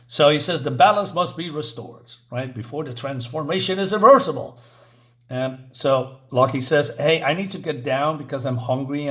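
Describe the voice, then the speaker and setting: A man casually reviewing a comic book, retelling the story and reading characters' lines aloud in a chatty, playful way. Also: a little high. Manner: chatty, reads dialogue in playful voices, giggles.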